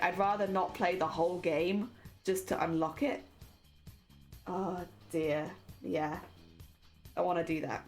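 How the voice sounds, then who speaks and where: A young British woman streaming while she crafts, chatting casually and greeting viewers with sing-song jumps in her voice. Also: lowish voice. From Britain. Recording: faint music behind.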